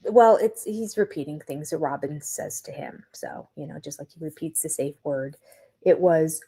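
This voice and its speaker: Older female host, warm lower voice, casual live-chat commentary, outspoken and laughing. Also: moderate pace, husky. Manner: opinionated, chatty, laughs often. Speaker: reality TV review host. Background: cat nearby.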